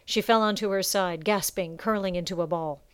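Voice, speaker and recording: A woman reading a story aloud in measured, expressive narration. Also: fairly low pitch, clean tone, no room sound, clean studio sound. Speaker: audiobook narrator. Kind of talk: scripted narration.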